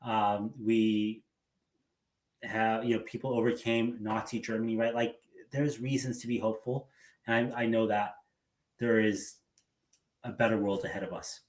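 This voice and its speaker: A man's voice: lowish voice, little pitch movement, normal speed. Earnest man guest in a roomy room. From United States. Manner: earnest, hopeful, repeats words. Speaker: guest, epidemiologist. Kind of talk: casual interview chat. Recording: roomy echo.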